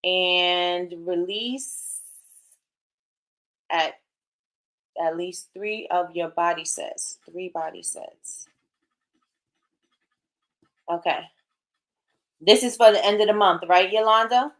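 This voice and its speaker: A woman's voice: fairly low pitch, slow, long pauses, a bit bright. A middle-aged woman hosting a casual livestream, chatting with viewers and reading their comments aloud in an encouraging way. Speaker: livestream host.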